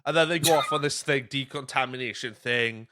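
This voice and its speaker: A man's voice: medium pitch, a little fast, crowd noise. A man hosting a casual podcast, retelling movie scenes with lots of swearing and quoted voices. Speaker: podcast host.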